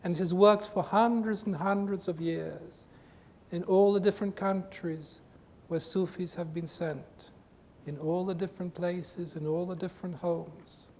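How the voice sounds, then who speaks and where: A man giving an earnest spiritual talk to a group, with emphatic, repetitive phrasing, recorded in a reverberant hall with a faint rumble. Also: dark tone. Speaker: spiritual teacher.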